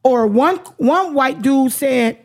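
A woman's voice: sits high, takes it slowly, darkish tone. A woman hosting a radio talk show, outspoken and profane, ranting in heated casual chat.

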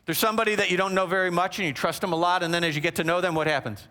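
Bright, high-voiced man telling stories. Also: racing. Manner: animated, conversational, frequent asides to audience. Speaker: relationship teacher. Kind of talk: teaching talk with storytelling.

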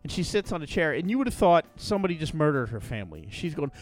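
A man co-hosting a podcast, telling an anecdote in a casual, profane, animated way. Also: a little high, fast talker. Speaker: podcast co-host. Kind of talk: casual storytelling chat.

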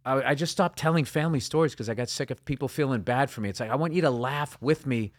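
A man telling stories in a casual interview, loose and rambling, peppering his talk with swearing. He slips into quoted voices as he acts out what people said. His voice sits at an ordinary middle pitch for a man. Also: fast. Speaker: guest comedian.

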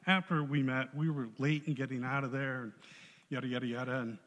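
A man giving a spoken testimony to a church congregation, telling his story in a lively way and acting out the voices in it. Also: mid-range voice, fairly quick, lo-fi sound. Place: church hall. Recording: long hall reverb.

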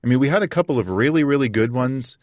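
A man's voice: medium pitch, expressive, fast, no room sound, studio quality. A man in a casual podcast chat, joking wryly and laughing at his own lines. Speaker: podcast co-host.

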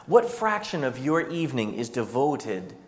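A man's voice: medium pitch, sing-song, unhurried. A man preaching a sermon as pastor, asking the congregation one rhetorical question after another. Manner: rhetorical questions, shifting pace. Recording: long hall reverb.

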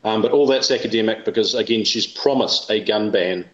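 A man, speaking as an interview guest in animated, opinionated talk. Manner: rapid and animated, mimics others in high voices. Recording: roomy, dull lo-fi sound.

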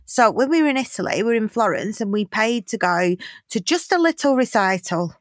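A woman's voice: fairly high pitch, a little fast, no echo. British woman on a comedy podcast, chatty storytelling, swears a bit, dry close mic. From Britain. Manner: animated storytelling, swears freely. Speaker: podcast co-host. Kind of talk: casual comedic chat.

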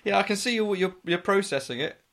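Guy on a comedy podcast, dry and bemused, bright voice, really bouncy pitch. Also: expressive, a little fast. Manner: dry, bemused, playing the skeptic. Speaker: podcast co-host.

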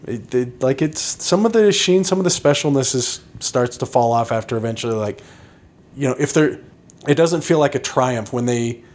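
A man's voice: mid-range voice, expressive, moderate pace, darkish tone. A man co-hosting a podcast, chatting casually and meandering as he thinks aloud. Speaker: podcast co-host. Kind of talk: casual chat.

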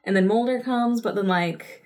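A woman's voice: mid-range voice, normal speed, darkish tone. A woman in her thirties co-hosting a podcast, chatting casually about a TV episode with lots of fillers and laughter. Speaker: podcast co-host. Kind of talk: casual chat reviewing a TV episode.

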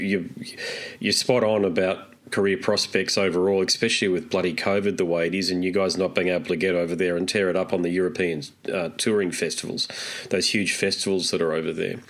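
Low-voiced dude asking long rambly questions, friendly. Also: male voice, steady tone, a little fast, a bit bright. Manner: friendly, chatty, loses his thread and backtracks. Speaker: interviewer. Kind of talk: casual interview questions.

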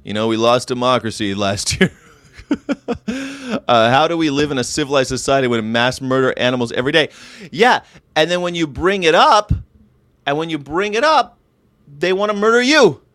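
A man from the United States hosting a casual vegan livestream, animated, laughing often and reading chat aloud. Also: mid-range voice, no room sound. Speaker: host of a daily vegan show.

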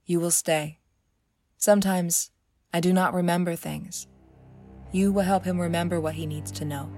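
A woman voicing a proud, icy female vampire healer who talks in a cool, unhurried, imperious way. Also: fairly low pitch, steady tone, a little mellow, faint music behind, natural voice.

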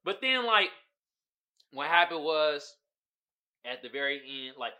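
Young male podcast host, high, very bright voice; loose, profane, animated recap. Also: unhurried, smooth. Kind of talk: casual chat.

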